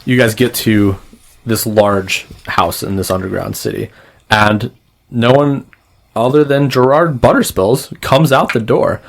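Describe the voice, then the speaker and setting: A man narrating a tabletop role-playing game as game master, telling the story in an animated way. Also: medium pitch, a little slow, vocal fry.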